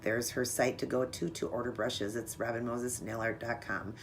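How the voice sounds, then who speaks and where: A woman's voice: extremely low pitch, fairly even intonation, normal speed, slight background noise. A woman narrating a casual step-by-step nail art tutorial, chatting to viewers as she works. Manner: chatty, talks to viewers while working.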